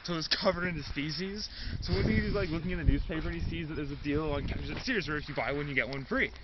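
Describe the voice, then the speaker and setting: A man's voice: fairly high pitch, quick pace. A young man telling an absurd improvised comedy story, rambling with lots of "like" and chuckling. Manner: rambling, heavy use of "like", chuckling. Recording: dull lo-fi recording with crowd noise.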